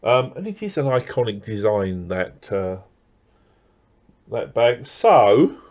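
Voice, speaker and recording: Middle-voiced man, unhurried unboxing chat full of ums and restarts; muffled lo-fi home recording. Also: medium pitch, big pitch swings, darkish tone. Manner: rambling, with many fillers and restarts. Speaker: record collector vlogger.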